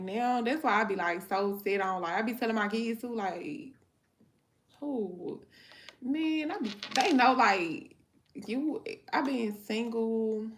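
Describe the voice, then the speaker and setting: Woman, live chat host, gravelly fry, candid and slangy, laughs a lot. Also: mid-range voice. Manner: candid and frank, slangy, laughs often while talking. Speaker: livestream host chatting with viewers; mother. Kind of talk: casual chat.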